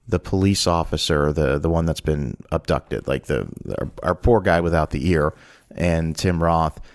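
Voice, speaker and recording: A man's voice: a bass voice, moderate pace. A man hosting a casual movie review podcast, animatedly retelling scenes one by one and swearing casually as he goes. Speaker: podcast host.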